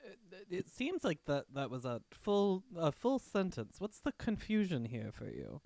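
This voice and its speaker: A woman player speaking in character at a tabletop game. She is sarcastic and bossy, and her voice rises and falls in a lively way. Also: lowish voice, measured pace, no echo.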